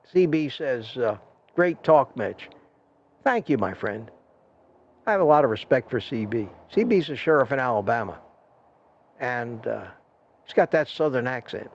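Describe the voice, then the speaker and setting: A man's voice: medium pitch, big pitch swings, a little slow, pauses often. An older man hosting a live stream, rambling and ranting in a self-deprecating way and thanking his viewers by name. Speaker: livestream host. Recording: dull lo-fi stream audio.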